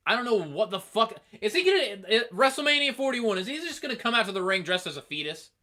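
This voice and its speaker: Animated male host, bright and fairly high, casual profane rambling. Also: fast. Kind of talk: casual review commentary.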